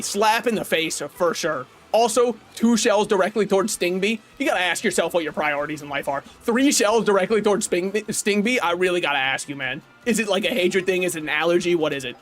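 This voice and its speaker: A man streaming a racing game live, commentating with excitable, profane banter toward the other players and chat. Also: sits high, brisk, few pauses. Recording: faint game music behind.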